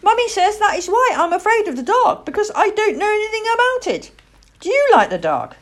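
A woman's voice: sing-song, brisk. A woman voicing a small, curious baby barn owl boy who gets cross easily, reading a storybook. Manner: high, eager and indignant.

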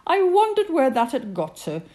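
A woman voicing a cheerful, playful girl in a storybook reading, speaking in a bright, chatty way. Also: high voice, wildly swooping pitch, moderate pace, voice pushed up. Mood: breezy.

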